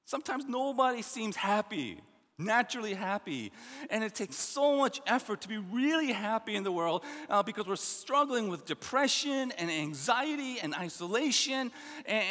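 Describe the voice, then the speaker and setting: A male pastor delivers a sermon in a notably high voice, leaning hard on repeated words and dropping suddenly quiet between stressed lines. His voice carries a long reverb tail, as from a church sanctuary. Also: very animated, a little slow. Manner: emphatic, repeats words, swings from loud to quiet.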